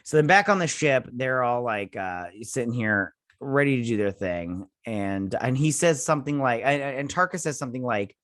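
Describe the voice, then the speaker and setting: A man hosting a casual episode recap, rambling with lots of fillers and quick paraphrased lines from characters, close on a desk mic. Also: medium pitch, expressive, fairly bright tone, no echo. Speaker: show host.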